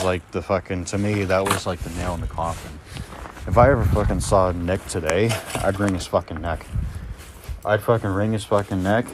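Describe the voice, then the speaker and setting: A man with a lowish voice tells personal stories in a heated, swearing, rambling way, full of ums and restarts. A steady hiss and clicking sit clearly under his voice throughout the recording. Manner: profane, heated, rambling with many fillers. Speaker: podcast host. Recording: steady audible noise with clicks.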